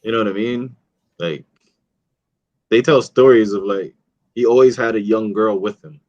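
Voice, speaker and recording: A man hosts a casual podcast, telling loose, profane stories packed with fillers. His voice is lowish and a little mellow at a normal speed, and the audio is dull, dry and lo-fi.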